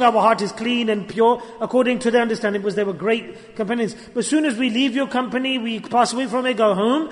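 A man giving an animated storytelling sermon at a gathering, acting out dialogue and using Arabic religious terms. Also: very high voice, fast talker, few pauses. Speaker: preacher. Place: gathering hall. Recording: long hall reverb.

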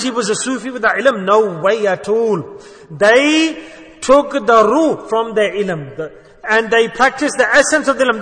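A man's voice: high voice, bright, forceful tone. A man preaching a sermon in an earnest way, often putting rhetorical questions to his listeners. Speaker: Islamic preacher. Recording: long hall reverb.

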